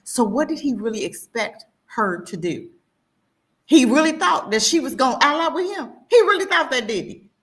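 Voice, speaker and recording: A woman's voice: sits high, lively intonation, normal speed, a bit bright. A woman co-hosting, commenting indignantly and firing rhetorical questions. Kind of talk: casual commentary.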